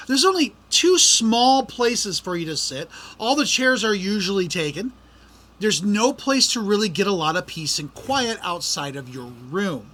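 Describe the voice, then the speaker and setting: A man's voice: sits high, very animated, a little slow, bright, forceful tone. A middle-aged man hosting a podcast, complaining in an exasperated, ranting way. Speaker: podcast host. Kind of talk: casual podcast monologue.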